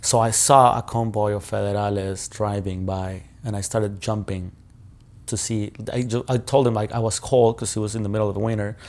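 A man's voice: on the low side, steady tone, moderate pace, darkish tone. A male journalist recounting a personal ordeal in an interview, talking casually with lots of fillers and swearing.

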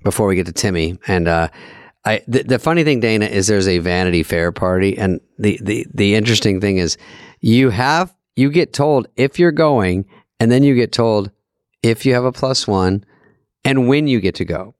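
A man's voice: lowish voice, moderate pace, no echo, clean studio sound. A man co-hosting a comedy podcast, telling rambling, self-deprecating stories in casual chat. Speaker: podcast co-host.

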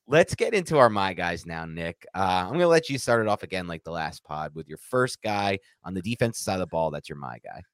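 A man co-hosting a sports podcast, chatting casually in an excitable, rambling way that drifts into tangents. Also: low voice, fairly quick, few pauses, no echo. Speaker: podcast co-host.

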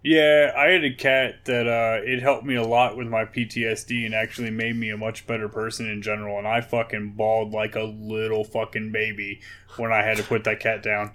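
A man's voice: lowish voice, flat delivery, brisk, fairly bright tone. A man co-hosting a casual podcast, talking in a profane, emphatic way. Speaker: podcast co-host.

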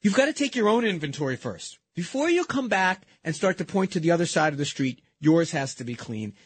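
A man co-hosting a radio talk show, animated and stammering as he makes his points at a studio microphone. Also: a little high, husky. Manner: quick, animated, restarts and stammers while making points.

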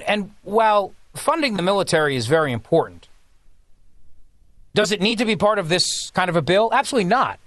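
Sarcastic high-voiced talk radio man. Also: no room sound. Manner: sarcastic, mocking, animated. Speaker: fill-in talk radio host. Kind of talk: political talk radio monologue.

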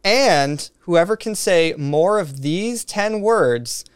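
A man's voice: sits high, expressive, slow pace, clean tone, no echo, clean studio sound. Playful male podcast host. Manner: playful, game-show announcer. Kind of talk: casual game hosting.

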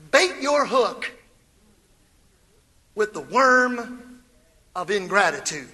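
High, bright-voiced preaching man. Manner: fiery preaching, rising to shouts. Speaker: pastor. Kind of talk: sermon.

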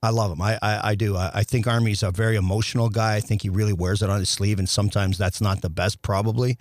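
A man's voice: on the low side, fairly even intonation, fast, no room sound, clean studio sound. A middle-aged man, a former hockey player, telling long stories in a casual chat, restarting sentences often and acting out dialogue. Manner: rambling with many restarts, acts out quoted dialogue.

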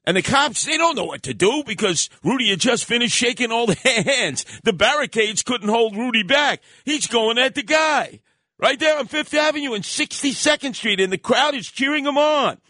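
A man hosting a radio talk show, telling stories in an animated, heated way. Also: very high-pitched, normal speed, no room sound, clean studio sound. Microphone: studio microphone.

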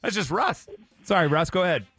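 Casting: animated male radio host, quick jokes, some faint music underneath. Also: sits high, breathy edge. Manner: lively, jokey, animated storytelling. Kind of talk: morning radio show chat.

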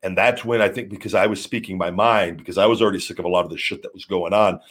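A man's voice: low-pitched, fairly even intonation, fast talker, a bit bright. A man hosting a live stream, talking casually in a rambling, blunt way and swearing freely. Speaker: show host.

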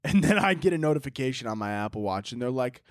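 A man's voice: mid-range voice, big pitch swings, quick pace, dry recording, studio quality. A young man hosting a solo podcast, rambling casually, swearing often and laughing at his own jokes. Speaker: podcast host.

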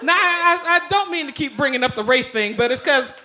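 A woman telling a funny personal story live on a club stage, animated and profane, often laughing as she talks. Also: high-pitched, a little fast.

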